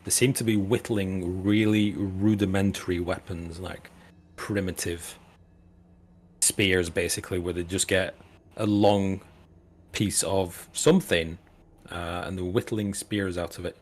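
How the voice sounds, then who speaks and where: Low-voiced game master narrating loosely. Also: male voice, steady tone, unhurried, slight background noise. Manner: loose, full of fillers and restarts.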